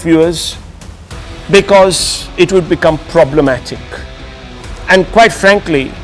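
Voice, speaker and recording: A man with an Indian English accent hosting a TV news debate show, moderating firmly and interrupting to keep order. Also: sits high.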